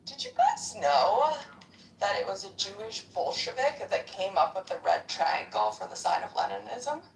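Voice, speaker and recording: A woman in casual group chat, talking in a blunt, crude and animated way. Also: medium pitch, moderate pace, gravelly, a little hiss or hum. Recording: roomy, distant mic.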